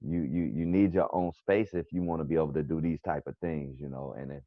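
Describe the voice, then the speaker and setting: A man's voice: very deep voice, fairly even intonation, fairly quick, no room sound. A middle-aged man with a New York accent, telling a rambling story as a comedian guest on a video call. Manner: rambling, storytelling with quoted back-and-forth. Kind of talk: casual video-call chat. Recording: dull lo-fi video call audio.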